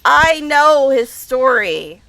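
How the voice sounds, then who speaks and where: A woman's voice: high-pitched, sing-song, very slow, creaky, bright, forceful tone, dry recording. A woman streamer giving casual gameplay commentary, gushing and dramatic, laughing often. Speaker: game streamer.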